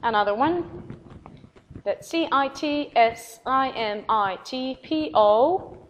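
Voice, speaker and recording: A fairly high-pitched woman teacher with an Arabic accent walks students through English vocabulary. She spells words letter by letter, repeats them slowly and praises warmly. A faint hiss sits under her voice. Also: expressive, rough recording. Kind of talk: recorded vocabulary lesson.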